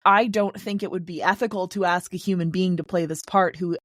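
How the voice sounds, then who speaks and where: A woman who is a guest on a podcast, talking casually and with strong opinions, rushing through some phrases and laughing between points. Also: on the low side, fairly even intonation, no room sound, clean studio sound.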